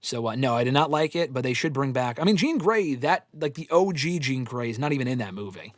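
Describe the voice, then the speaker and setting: A man's voice: medium pitch, expressive, fairly quick, no echo, studio quality. Blunt, profane male stream host. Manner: blunt, profane, rambling opinions. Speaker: host answering fan questions. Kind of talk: live casual Q&A stream.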